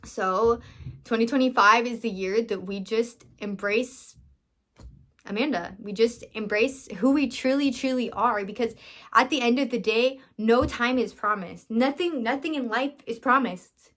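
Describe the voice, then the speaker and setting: Her voice is slightly high and a bit bright as this young vlogger and business owner pours her heart out to the camera. The talk is casual but earnest and emotional, wandering with restarts along the way.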